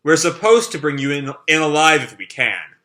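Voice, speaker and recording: A man reading as a calm, measured swordsman. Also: fairly high pitch. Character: calm male swordsman who makes foes cry.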